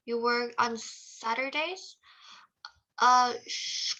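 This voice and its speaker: A woman's voice: a little high, unhurried, bright, forceful tone, muffled recording. A woman student in an online class, reading aloud and trying phrases hesitantly. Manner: hesitant, unsure.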